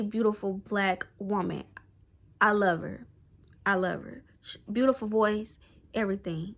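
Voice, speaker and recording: A woman's voice: a little high, pushed and bright. A young woman talking to the camera in a rambling, heartfelt personal vlog. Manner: rambling, heartfelt, tearful at times. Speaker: vlogger.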